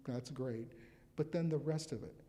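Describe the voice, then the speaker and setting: A male pastor gives a conversational, reflective sermon at a live church service. His voice is mellow and relaxed. A long reverb trails each phrase through the sanctuary. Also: mid-range voice, normal speed. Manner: conversational, reflective, reads scripture aloud.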